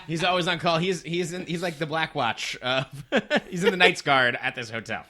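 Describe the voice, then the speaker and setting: Man, joking movie chat, very bright tone, filler-heavy, laughing. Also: fairly high pitch, normal speed. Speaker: podcast co-host. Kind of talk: casual movie discussion chat.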